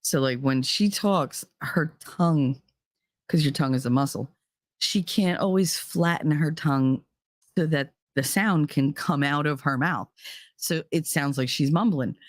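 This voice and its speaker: A woman's voice: deep voice, a little slow, no room sound, clean studio sound. A middle-aged woman with a New Jersey accent, talking candidly and bluntly on her podcast, swearing freely. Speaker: podcast host, parent. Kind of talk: casual candid talk.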